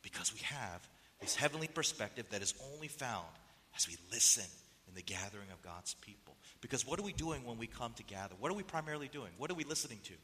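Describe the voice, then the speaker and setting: A man's voice: mid-range voice, lively intonation, quick pace, sharp tone, big-room sound, slight background noise. A man preaching a sermon as pastor, with a nasal voice, pressing the congregation with rhetorical questions and reading quotes aloud. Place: church sanctuary.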